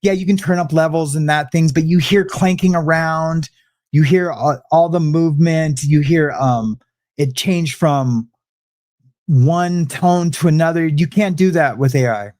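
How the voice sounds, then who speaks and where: A man's voice: a little high, unhurried, darkish tone. Young man ranting defensively on a livestream. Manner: defensive, rambling, repeats himself. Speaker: livestream host. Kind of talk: heated livestream rant.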